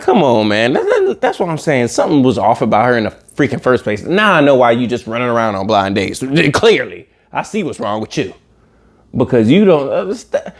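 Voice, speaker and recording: A man hosting a reaction video, giving casual comedic commentary with animated, emphatic outbursts. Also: mid-range voice.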